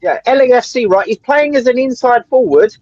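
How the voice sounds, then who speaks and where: A man's voice: very high-pitched, lively intonation, a little fast, a little mellow, dry recording, dull audio. A man co-hosting a fan livestream, ranting and swearing in casual chat, with a habit of asking "right?".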